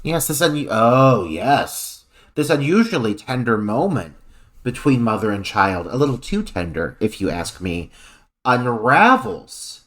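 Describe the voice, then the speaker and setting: A man's voice: medium pitch, fairly bright tone. Podcast guy, sarcastic, swears, voice goes way up and down. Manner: sarcastic and wry, swears freely. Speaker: podcast co-host. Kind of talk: casual film discussion.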